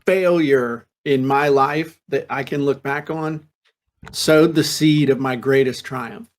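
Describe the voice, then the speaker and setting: A man hosting a casual business podcast, telling a personal story with lively restarts and repeated words. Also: mid-range voice, slow pace. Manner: laughs easily and jokes. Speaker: podcast host. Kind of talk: casual chat.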